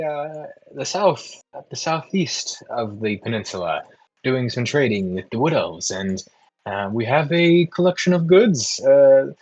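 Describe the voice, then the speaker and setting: A man voicing a cheerful middle-aged human caravan trader, making an eager sales pitch. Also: lo-fi sound.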